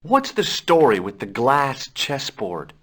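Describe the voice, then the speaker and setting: A man's voice: medium pitch, wildly swooping pitch, takes it slowly, fairly bright tone, husky, full character voice. An actor voicing a curious young adventurer in a video game, asking questions in a casual, dry way and narrating his story. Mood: inquisitive.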